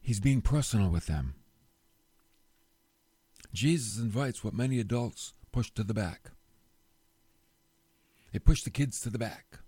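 A man's voice: fairly low pitch, lively intonation, unhurried, long pauses, warm tone, husky, no echo. An older man delivering a conversational sermon as a pastor. He speaks emphatically and folksily, with joking asides.

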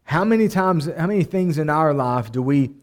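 A man preaching a sermon as pastor, with a voice pitched a little above most men's. He hammers phrases by repeating them and swells into loud, heartfelt appeals. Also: lively intonation, normal speed. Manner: preaching, voice rising to near-shouting in emotional appeals.

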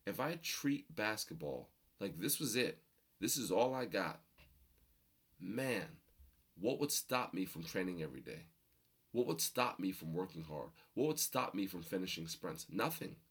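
A young man telling personal stories to an audience, animated and humorous, building to emphatic points. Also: low voice, unhurried, husky. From New Jersey. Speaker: motivational storyteller. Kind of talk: storytelling talk to an audience.

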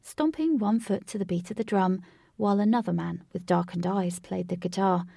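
A woman narrating a storybook in a steady, expressive reading voice. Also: mid-range voice, a little fast, creaky, no room sound, studio quality. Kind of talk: storybook read-aloud narration.

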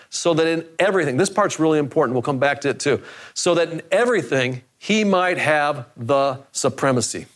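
A man preaching a sermon in a conversational way, often repeating phrases for emphasis. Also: a little high. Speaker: pastor.

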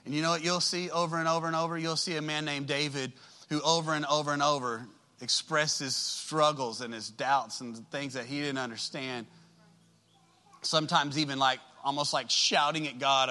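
A male pastor preaching to a congregation in church, his voice very bright and tense and pitched a little high. He addresses the room directly and conversationally, with loud emphatic bursts that drop into soft asides. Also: moderate pace. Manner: animated, swinging from loud emphatic outbursts to quiet soft asides. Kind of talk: sermon. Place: church service with a live congregation.

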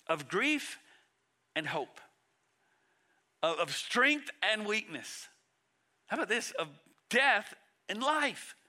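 Bright, forceful male preacher. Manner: earnest, swings from loud emphasis to hushed lows; frequent repeated words and restarts. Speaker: pastor. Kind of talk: sermon.

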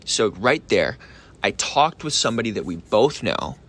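Bright-voiced young man talking sales. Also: lowish voice, moderate pace. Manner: casual, keeps asking "right?" to the listener; excited, acts out both sides of a sales call. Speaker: podcast host, salesperson. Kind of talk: solo podcast monologue.

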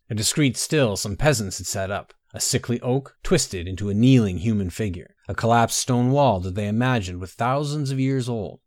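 A man narrating a story in a measured storytelling manner, softly voicing the dialogue. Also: medium pitch, no echo, studio quality. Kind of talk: scripted narration.

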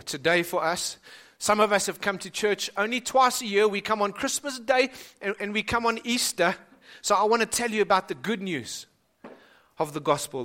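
A man preaching a sermon in a church hall, passionate and building up, then falling to hushed, slow emphasis. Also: high voice. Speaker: pastor.

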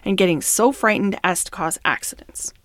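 A woman voicing a calm, steady male horse in a storybook reading, speaking quietly and evenly. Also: medium pitch, normal speed, no room sound, clean studio sound, natural voice. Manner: calm, even-tempered.

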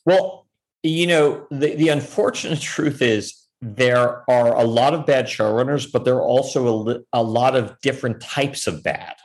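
A man who is a TV showrunner, answering interview questions candidly, rambling with many restarts and self-deprecating asides. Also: normal speed. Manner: self-deprecating, pitch jumps up on emphatic points. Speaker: TV showrunner, podcast guest.

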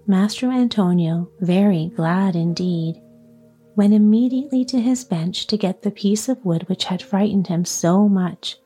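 A woman reading a children's story aloud as a storyteller, with calm, measured narration. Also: medium pitch, husky, soft background music.

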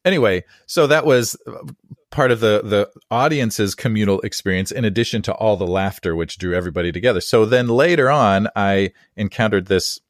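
A pastor of a Presbyterian church near San Diego leads a podcast conversation, chuckling easily between meandering anecdotes. His fairly low voice moves a little quickly, and the studio recording is dry and clean.

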